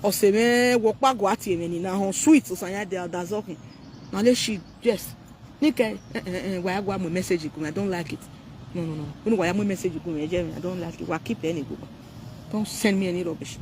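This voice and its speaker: With a high-sitting, darkish voice and a slightly fast delivery, a man with a Nigerian accent rants animatedly at his live stream audience, mixing Pidgin, Yoruba and English. The audio carries slight background noise.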